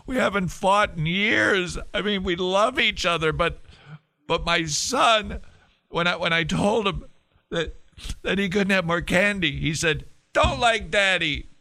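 A man's voice: high-pitched, unhurried, bright, forceful tone, no room sound, pitched above the performer's own voice, full character voice. A man voicing a tearful male office worker, whining about his marriage ending. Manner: whiny, pleading, tearful.

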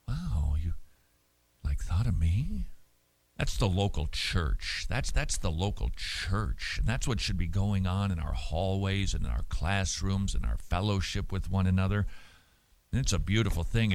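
A man hosting a show, answering listener mail in casual talk, animated and emphatic with many restarts and repeated words. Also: low voice, normal speed, no echo. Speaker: radio show host.

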